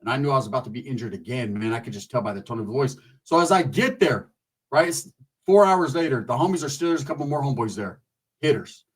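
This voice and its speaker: A man telling a story from his own life in casual, profane street slang, animated as he goes. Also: mid-range voice, quick pace, slightly rough, far from the mic, rough recording.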